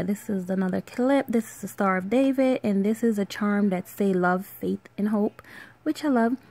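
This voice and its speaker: A woman in her thirties with a Caribbean island accent chats casually in a home vlog. Her voice has a gravelly, creaky edge, and her talk wanders, filled with ums and small laughs. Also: medium pitch. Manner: relaxed, rambling, with fillers and soft laughs. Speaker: vlogger. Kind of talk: casual show-and-tell vlog.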